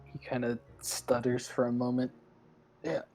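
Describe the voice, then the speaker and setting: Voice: mid-range voice, little pitch movement, unhurried, dark tone, faint music behind. A player casually describing a character's actions in a tabletop game, with many fillers.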